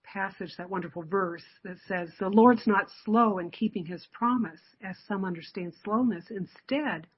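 A woman delivers a sermon in an earnest, reflective manner, her voice husky and breathy at a medium pitch. She pauses to gather her thoughts and laughs softly now and then. The recording sounds dull and lo-fi. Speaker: preacher.

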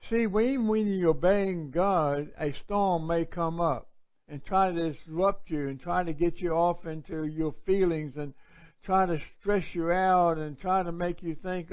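Slow, folksy preaching man. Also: on the high side. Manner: folksy, conversational preaching with loud acted cries. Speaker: pastor. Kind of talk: live Bible study teaching. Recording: dull, lo-fi livestream audio.

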